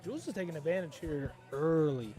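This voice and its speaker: A man's voice: a little high, animated, brisk, music in the background. A man giving live play-by-play pool commentary, analytical and thinking aloud with frequent fillers. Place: pool hall.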